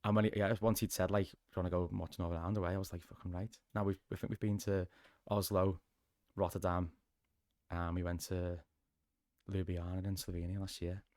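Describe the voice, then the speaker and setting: A man's voice: sits low, flat delivery, fairly quick, a little mellow, no room sound, studio quality. A man with a Liverpool Scouse accent, a podcast guest telling stories in casual chat, sweary and chatty. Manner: sweary, chatty storytelling with laughs.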